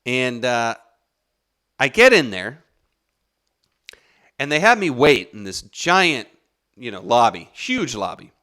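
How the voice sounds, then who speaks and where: A man's voice: medium pitch, takes it slowly, long pauses, smooth. A man, the podcast's host, telling a long story in a rambling, profane, casual way. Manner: rambling, profane, animated, with restarts.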